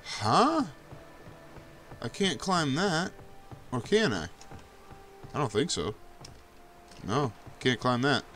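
Young male gameplay commentator, mid-pitched, casual and profane, prone to excited yelps; faint game music in the background. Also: takes it slowly, pauses often. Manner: excitable, swears often, jumps to high yelps when in danger. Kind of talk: casual let's-play commentary.

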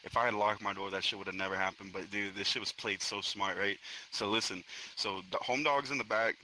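Brief: young Florida guy, lower voice but very bright and edgy, cussing street-slang storyteller. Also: fairly quick, slight background noise, low-quality recording. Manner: profane street slang, rambling and animated. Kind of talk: casual storytelling among friends. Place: online virtual social space.

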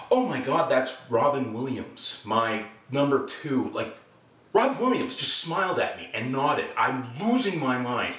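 A man tells an anecdote, his pitch jumping around as he acts out the quotes. The room sounds roomy, and he sits set back from the mic. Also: a bit bright, far from the mic. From Canada. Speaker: actor. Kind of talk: anecdotal storytelling.

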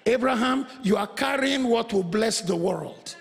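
A man preaching a sermon as pastor, leading the congregation in call-and-response and breaking into emphatic shouts. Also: very high-pitched, lively intonation, unhurried, vocal fry. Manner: emphatic call-and-response, repeats phrases and has the congregation echo them; bursts into shouts. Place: church before a congregation.

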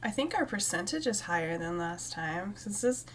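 A woman's voice: mid-range voice, big pitch swings, normal speed, slight background noise. A young woman streaming a cozy game, chatting casually and talking to the plants as she plays, with frequent giggles. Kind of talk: casual let's-play commentary.

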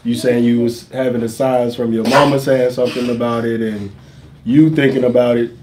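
A young man in casual storytime chat, relaxed and conversational, asking questions. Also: mid-range voice, moderate pace, background noise. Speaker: vlogger, father.

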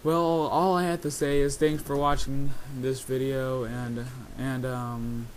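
Male video creator, casual self-commentary: monotone, halting, filler-heavy. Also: medium pitch, a little hiss or hum. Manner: rambling, many hesitations and fillers.

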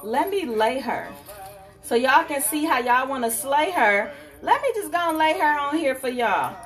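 A woman selling jewelry on a live stream, sassy and animated, calling her viewers honey. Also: sits high, moderate pace, faint music behind. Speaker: online jewelry seller.

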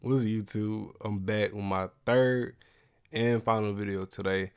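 A man's voice: lowish voice, fairly even intonation, unhurried. A man hosting a casual reaction video, talking in a laid-back, rambling, slangy way and sounding a little congested.

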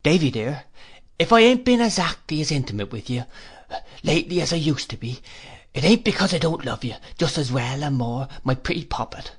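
Tearful, earnest nursemaid, higher voice, read by a man narrating. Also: big pitch swings, normal speed, few pauses, fairly bright tone, husky, exaggerated voice. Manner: tearful, earnest, broken little sentences. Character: kind sobbing working-class nursemaid, woman.

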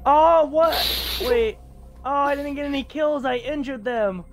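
A man's voice: very high-pitched, unhurried, vocal fry, faint music behind. A man chatting and swearing while playing a shooter game with friends, calling out orders to his squad. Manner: excitable, swears often, shouts to the team. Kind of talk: casual gaming chat over voice.

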